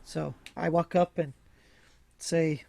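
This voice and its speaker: Relaxed man playing a game, dry sound. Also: on the high side, takes it slowly, gravelly, dry recording. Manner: relaxed, hesitant with fillers. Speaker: player. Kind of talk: casual tabletop play.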